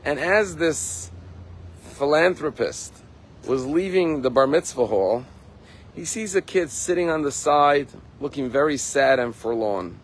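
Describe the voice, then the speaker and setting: A rabbi giving a sermon, telling a story in an earnest, emphatic way. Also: male voice, a little high, lively intonation, measured pace, slight background noise, poor audio. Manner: earnest, emphatic, acts out quotes.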